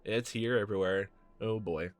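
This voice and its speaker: A man's voice: lowish voice, normal speed, noisy background. A man commenting on a game he plays, joking and rambling. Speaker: let's player. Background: game music.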